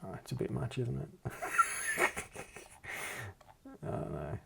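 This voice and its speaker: A man explaining his editing steps in a casual tutorial, hesitant and full of ums and restarts, often trailing off quietly. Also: medium pitch, lively intonation, fast talker, creaky, a little hiss or hum. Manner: hesitant, many ums and restarts, self-deprecating. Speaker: music producer teaching a DAW. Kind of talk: casual screen-recorded tutorial.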